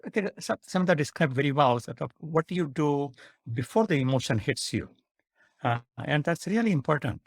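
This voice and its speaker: A man, a psychiatrist guest, explaining with worked examples in an earnest manner, pausing with "uh". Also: a little high, no echo, clean studio sound. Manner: earnest and animated, with "uh" pauses.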